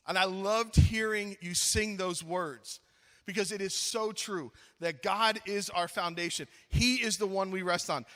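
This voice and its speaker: A middle-aged man preaching at a youth conference, telling a funny story with lively acted-out dialogue, then slowing into earnest appeals. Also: high-pitched, in a large hall. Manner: animated, acts out his own story, then slows to earnest appeals. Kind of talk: storytelling sermon.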